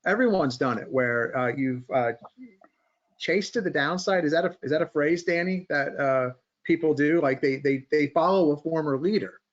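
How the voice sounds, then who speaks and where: A man's voice: on the high side, moderate pace, dull audio. A man hosting a casual stock-market chat who thinks aloud and keeps asking his co-hosts for input. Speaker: host of a markets podcast. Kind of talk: casual group chat about stock charts.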